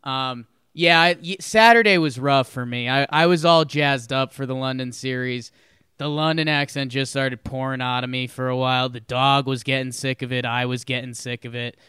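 A man's voice: medium pitch, fairly even intonation, normal speed, pushed and bright, clear, resonant tone, no room sound. A man co-hosting a casual sports podcast, chatty and often restarting his sentences. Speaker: podcast co-host.

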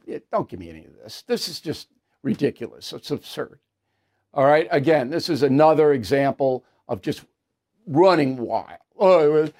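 A man's voice: medium pitch, darkish tone. A man hosting an opinionated news commentary show, talking in an indignant, sarcastic way with scoffing asides, in a studio. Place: studio with earpiece to producers.

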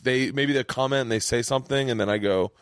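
A man's voice: medium pitch, fast talker, smooth, no echo. A man hosting a podcast, chatting in a candid, rambling, reflective way on a studio mic. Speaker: podcast host. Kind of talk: casual podcast chat.

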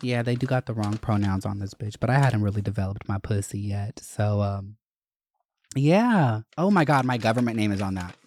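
A young adult vlogger telling a school story in a profane, animated, gossipy way. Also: mid-range voice, moderate pace. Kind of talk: casual storytelling.

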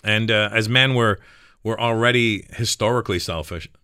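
A man, a comedian guest telling animated stories in a casual radio studio interview. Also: lowish voice, normal speed, clear, resonant tone, dry recording. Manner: animated storyteller acting out voices in his anecdotes. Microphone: studio microphone.

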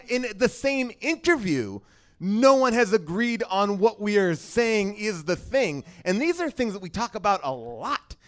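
A man's voice: sits high, smooth. A man on a panel laughing and joking while airing a complaint in casual chat.

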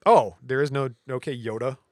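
A man's voice: mid-range voice, normal speed, no room sound. Guy cohosting a podcast, reads out notes, trips on words, laughs a lot, dead dry room. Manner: joking, giggly, stumbles over words. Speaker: podcast co-host. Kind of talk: casual chat, presenting history notes.

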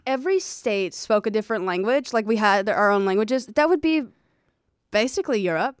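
A woman's voice: medium pitch, lively intonation, a little fast, clear, resonant tone, no room sound, studio quality. An American woman in casual podcast chat, enthusiastic and a little profane. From United States. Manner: casual, enthusiastic, swears lightly.

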